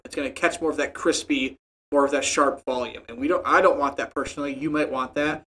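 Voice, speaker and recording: A man's voice: on the high side, fairly quick, fairly bright tone. A man hosting a casual how-to video, chatty and informal, talking straight to the viewer from a home setup. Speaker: tech tutorial host. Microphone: desktop mic with processing plugins.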